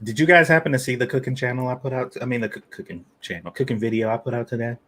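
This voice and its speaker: A man's voice: mid-range voice, very fast, fairly bright tone. A man co-hosting a livestream, talking about food in a laid-back way with casual swearing. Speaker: stream co-host with cooking channel. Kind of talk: casual chat.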